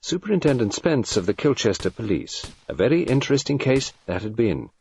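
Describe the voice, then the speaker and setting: A man reading a novel aloud in measured, dry storytelling narration. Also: mid-range voice, big pitch swings, vocal fry, darkish tone, a little hiss or hum. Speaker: audiobook narrator. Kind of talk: scripted narration.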